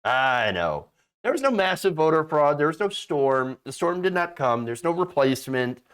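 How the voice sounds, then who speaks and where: A man's voice: a little high, big pitch swings, normal speed, fairly bright tone, smooth. A man hosting casual political commentary, sarcastic and mocking, often restarting and stammering mid-sentence.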